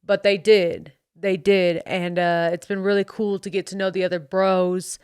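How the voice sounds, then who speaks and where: A boastful young bro dad influencer, played by a woman, who swaggers through his slang with a faint southern twang. The voice is smooth and clean at a middling pitch. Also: expressive, moderate pace, a bit bright, dry recording, studio quality. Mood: braggy. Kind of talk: comedic character monologue.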